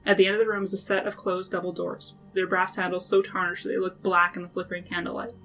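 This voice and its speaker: A woman's voice: lowish voice, flat delivery, fast talker, fairly bright tone, faint music behind, poor audio. Woman narrating a tabletop game. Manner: descriptive, atmospheric storytelling. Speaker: game master.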